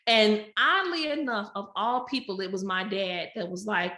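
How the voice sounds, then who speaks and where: A woman guest on a podcast, telling a personal story candidly and acting out quoted dialogue with lively shifts of voice. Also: mid-range voice, normal speed, few pauses. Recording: roomy echo.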